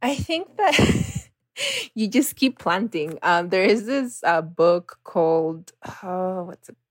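A woman in casual conversation, expressive and soft-spoken at times, rising high when quoting herself. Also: slow, dry recording, studio quality.

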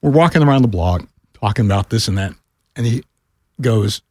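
Older man, retired broadcaster. Lively storyteller with a slightly raspy voice, recorded dry. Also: normal speed, no echo. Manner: animated, acts out quoted voices with pitch jumps. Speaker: podcast guest, retired radio broadcaster. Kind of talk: casual storytelling.

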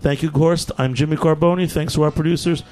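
A man's voice: a little high, steady tone, a little mellow, faint music behind. A man hosting a beer talk radio show, chatting casually with guests and reading event announcements. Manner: upbeat, laughs easily, quick plug-filled wrap-up. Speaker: radio podcast host.

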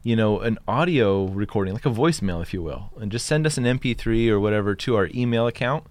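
A man co-hosting a casual podcast, playful and quick to laugh as he banters with his friend. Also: fairly low pitch, no room sound. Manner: laughs often, animated and playful. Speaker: podcast co-host.

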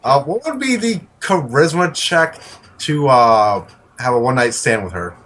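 A man playing a tabletop game, joking in a deadpan way during casual banter. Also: medium pitch, unhurried, slight background noise. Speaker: player.

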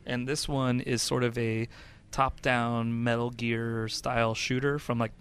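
A man's voice: medium pitch, flat delivery, a little slow, clean tone. A man co-hosting a casual podcast chat about games, rambling with lots of fillers and restarts. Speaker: podcast co-host.

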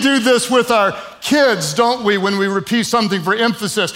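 Male pastor, high voice, emphatic sermon with light humor and casual fillers. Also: moderate pace, hardly any pauses, a bit bright. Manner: emphatic repetition with humorous asides; conversational, with frequent "um" fillers.

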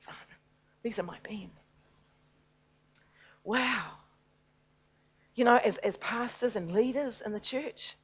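A woman preaching a sermon with passion, her voice sitting at a middle pitch. She swings from loud, urgent emphasis to soft, near-whispered lines. The recording is slightly dull and muffled.

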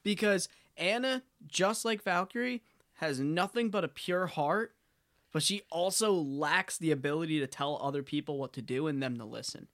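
A man's voice: fairly high pitch, normal speed, fairly bright tone. A young man co-hosting a casual podcast, joking and slangy as he talks anime. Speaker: podcast co-host. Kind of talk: casual chat.

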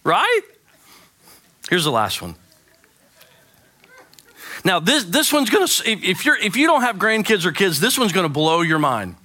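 A man in his forties, a pastor giving a sermon with animated, joking storytelling. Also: sits high, moderate pace, pauses often. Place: church sanctuary.

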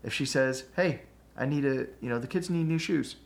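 Man, mid pitch, gravelly, casual pastor chat, candid self-deprecating storyteller. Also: normal speed, slight background noise. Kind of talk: casual conversation.

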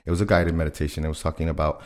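A man co-hosting a podcast, talking earnestly, quick to laugh and acting out his own inner voice. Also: a bass voice, flat delivery. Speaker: podcast co-host. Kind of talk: casual chat.

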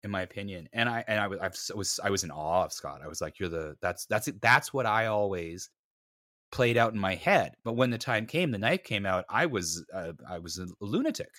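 A man with a fairly low voice tells a story in a casual chat and acts out the people in it. He pokes fun at himself. His voice is close and dry, with no room sound. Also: normal speed, no room sound. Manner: animated, acts out voices in anecdotes, self-mocking. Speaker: podcast co-host.

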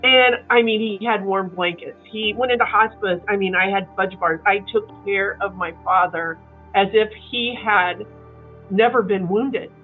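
A middle-aged woman from the Kansas City area telling her story in a casual interview, animated and full of fillers, acting out other people's voices. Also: mid-range voice, measured pace. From Kansas City area, USA. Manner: animated, acts out quoted voices, many fillers. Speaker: guest. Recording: tinny phone-like line with faint music.

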